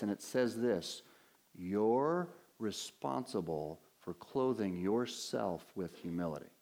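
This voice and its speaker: A man's voice: fairly low pitch, warm tone. A male pastor preaching a sermon from the pulpit, earnest and emphatic, with many rhetorical questions. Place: church sanctuary at a pulpit.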